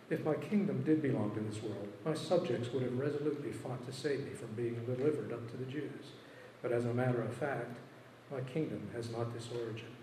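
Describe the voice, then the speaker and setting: A man's voice: mid-range voice, darkish tone. A man preaching a sermon, reading scripture aloud in an earnest, emphatic way. His voice rings out in a roomy hall with a long reverb tail. There is a faint hum of ambience behind him.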